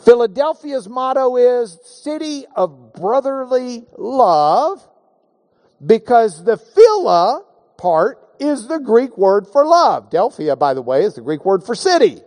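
A man's voice: very high voice, big pitch swings, slow pace, a little mellow. A man preaching a sermon, emphatic and engaging his listeners with questions and call-and-response, with touches of self-deprecating humor.

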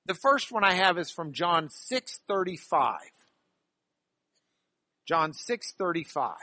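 A man teaching a class on biblical Greek grammar, animated and stressing key words by repeating them. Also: high-pitched, slow, dry recording. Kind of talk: classroom lecture.

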